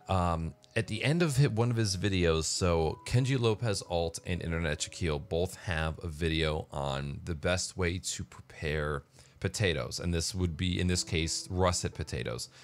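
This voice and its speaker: A man with a very deep voice talks through a casual solo vlog, rambling loosely and leaning on filler words. Faint music sits quietly in the background. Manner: rambling, conversational, with many "like"s and fillers. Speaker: vlogger.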